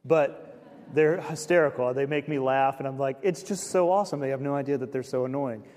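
A man preaching a sermon as pastor, talking in a loose, conversational way with many fillers and lively swings. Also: mid-range voice, brisk. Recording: long reverb of a large hall.

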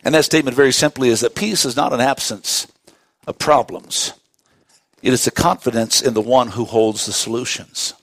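A man preaching a sermon, swinging from hushed, slow lines to loud, emphatic ones. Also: medium pitch, steady tone, dry recording, clean studio sound. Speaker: pastor.

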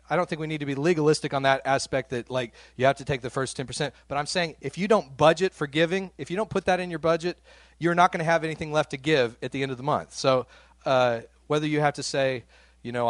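A middle-aged man preaches like he is chatting with friends, in a voice that sits in the middle of the male range. He stumbles and repeats words as his thoughts rush ahead. The sound is dry and close, with no room echo. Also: medium pitch. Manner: conversational, animated, with frequent repeated words and laughs. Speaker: pastor. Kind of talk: sermon.

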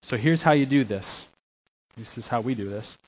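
A middle-aged man preaching a sermon as a pastor, swinging between loud exhortation and quiet, soft-spoken asides. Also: medium pitch, animated, moderate pace, husky, low-quality recording.

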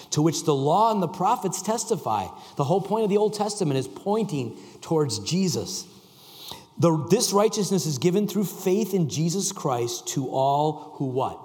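Man preaching in a reverberant hall. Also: fairly high pitch. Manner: animated, swings from loud emphasis to quiet intensity; reads scripture aloud and jokes with the congregation. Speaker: pastor. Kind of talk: sermon. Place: church sanctuary. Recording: long reverb of a large hall.

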